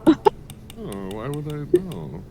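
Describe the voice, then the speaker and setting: A man's voice: mid-range voice, very animated, slow pace, mellow. A man trader in a live trading room, wry and swearing freely. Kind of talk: casual trading chat.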